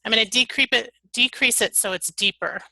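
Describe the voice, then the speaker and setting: Bright-voiced woman teaching software online. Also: fairly high pitch, a little fast, vocal fry, no room sound, rough recording. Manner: upbeat step-by-step instructions. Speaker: webinar presenter. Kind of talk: software tutorial webinar.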